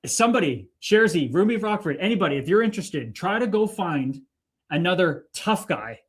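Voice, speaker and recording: A man in his thirties chats on his own livestream and reads viewer comments aloud. His voice sits a little high, and he talks with a profane, fired-up energy that keeps turning to preachy spiritual phrases. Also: lively intonation, normal speed. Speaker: livestream host. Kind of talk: casual livestream chat reading comments. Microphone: streaming mic.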